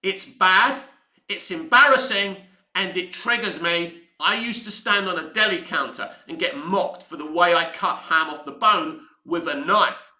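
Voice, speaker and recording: A man in a furious, foul-mouthed rant, his voice pitched high and cutting bright. He is getting hoarse, and the room around him rings with echo. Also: a little slow. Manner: heated, sweary, ranting. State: voice going hoarse. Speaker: online commentary host. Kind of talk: angry opinion rant.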